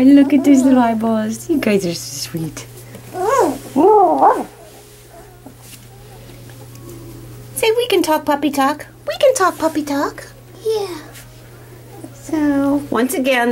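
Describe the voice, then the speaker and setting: A woman's voice: lowish voice, a little mellow. A woman dog breeder giving a casual sales walkthrough, talking plainly and chattily with frequent ums and uhs.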